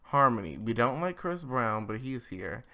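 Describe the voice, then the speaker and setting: A young man hosting a let's play, giving casual and excitable commentary as he bosses his game characters around with mild swearing. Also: mid-range voice, moderate pace. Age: young adult.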